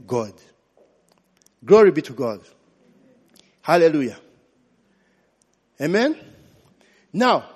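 A man preaching a sermon, asking the congregation questions and slipping in Luganda phrases. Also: fairly high pitch. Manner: call-and-response, asks congregation questions. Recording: long reverb of a large hall.

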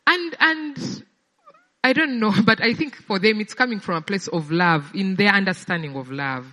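A woman gives a personal testimony in a sermon-like yet conversational way, often repeating words as she searches for them. Her mid-range voice is sharp in tone, moderately paced, and trails a long reverb.

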